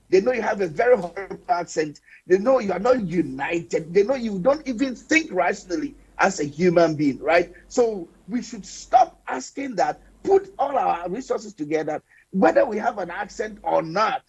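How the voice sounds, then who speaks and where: A man speaking as a panelist on a TV talk show, telling stories in an animated, emphatic way. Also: high-pitched, moderate pace, slightly rough. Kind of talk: panel discussion. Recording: dull lo-fi broadcast sound.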